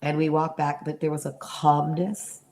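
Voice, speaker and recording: Telling a personal story as a guest in an interview, this middle-aged woman talks in a low voice at a moderate pace. She's animated throughout and performs the voices of those she quotes.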